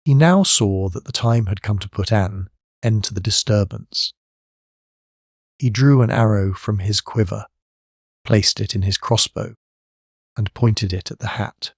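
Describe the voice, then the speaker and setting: Brief: male audiobook narrator, low voice, steady measured reading, dry close sound. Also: no echo. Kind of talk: scripted narration of a classic story.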